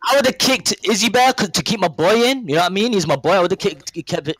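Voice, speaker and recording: A man's voice: high voice, animated, fast talker, fairly bright tone, no room sound. A man competing on a podcast, hesitant and full of slang as he dodges a vote. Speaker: podcast contestant. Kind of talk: casual chat. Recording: faint music underneath.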